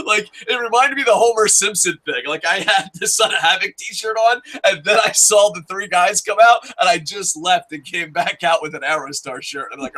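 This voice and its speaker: Bright-voiced excitable man. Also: high voice, brisk, few pauses. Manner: excitable, profane, jokey, shouts in bits. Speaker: wrestling review host. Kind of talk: casual podcast chat.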